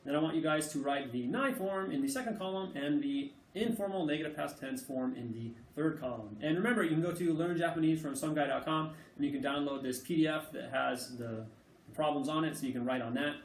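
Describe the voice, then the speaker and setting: A man teaching a casual language lesson, relaxed and full of fillers, repeating words slowly for learners. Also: on the high side, a little hiss or hum. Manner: frequent fillers like okay and uh. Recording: echoey room, mic at a distance.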